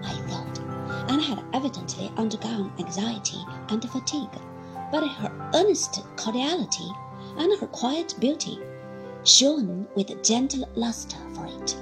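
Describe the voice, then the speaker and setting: A woman reading a classic novel aloud as an audiobook, with an expressive, varied delivery. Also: a little high, a little slow, creaky. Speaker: audiobook reader. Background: soft background music.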